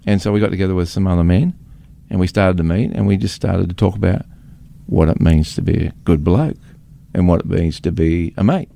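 A man telling a story as a radio guest, lively, acting out the people he quotes. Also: low-pitched, fairly quick, vocal fry, no room sound. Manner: animated, acts out quoted speech. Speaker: guest, ministry founder.

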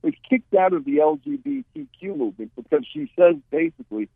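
A man's voice: high-pitched, huge pitch swings, fairly quick, creaky, breathy edge, no echo. A man joining a radio show as a guest, speaking emphatically and telling stories with strong opinions. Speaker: radio guest, network executive. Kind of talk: phone-in interview. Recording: tinny phone line.

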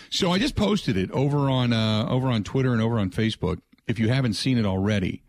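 A man's voice: mid-range voice, lively intonation, quick pace, hardly any pauses. A man hosting a sports talk radio show, chatting loosely with restarts and asides. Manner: rambling, frequent restarts and filler asides.

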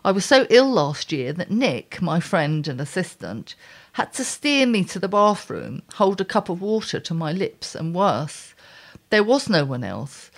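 A middle-aged woman columnist reading her diary aloud and chatting, wry and blunt, with exasperated asides. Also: fairly low pitch. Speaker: columnist and podcast host.

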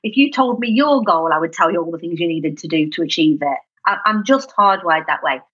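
A woman with a northern British accent, a podcast guest talking in a casual, energetic and emphatic way, with some self-deprecating asides. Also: on the low side, fairly quick, slightly rough, dull audio. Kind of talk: casual interview chat.

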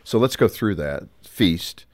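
A man's voice: sits low, animated, takes it slowly. A man hosting a faith talk show, asking long, winding questions and teasing his guest a little. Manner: warm-hearted, teasing, rambling questions. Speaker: radio host. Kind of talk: conversational radio interview.

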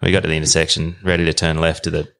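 Aussie guy in his 30s telling a yarn, real low voice, easygoing, wanders off a bit. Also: completely flat delivery, rapid-fire, creaky, a bit bright. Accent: Australian. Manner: easygoing, rambling yarn-spinner. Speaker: podcast guest. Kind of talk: casual storytelling.

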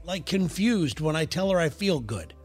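A man's voice: fairly high pitch, sing-song, moderate pace, faint music behind. A man co-hosting a comedy podcast about couples, chatting casually in a rambling, joking way that often breaks off and restarts. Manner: rambling, self-interrupting, joking. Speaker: podcast co-host. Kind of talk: casual chat.

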